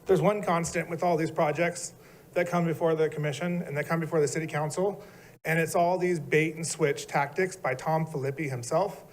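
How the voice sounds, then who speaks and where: A man's voice: a little high, steady tone, moderate pace. Earnest emotional man at public comment. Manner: earnest, emotional, listing his civic roles. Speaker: resident speaking at public comment. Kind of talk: public comment at a city meeting.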